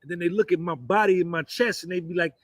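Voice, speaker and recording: A man's voice: high voice, fast talker, dry recording. A man, giving a boastful, rambling monologue that keeps circling back on itself. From New Jersey, US. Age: 50s. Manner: rambling, repeats "you understand".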